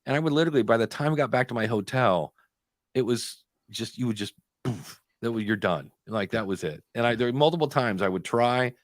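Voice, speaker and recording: A man co-hosting a podcast live stream, telling stories in a chatty way and often pausing to hunt for the next word. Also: medium pitch, animated, no room sound, clean studio sound. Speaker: podcast co-host. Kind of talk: casual chat on a live stream.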